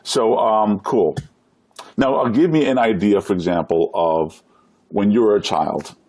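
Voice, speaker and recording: A man's voice: fairly low pitch, measured pace, a little mellow. A man hosting a casual live-stream interview, upbeat, asking questions and urging viewers to share. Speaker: live show host.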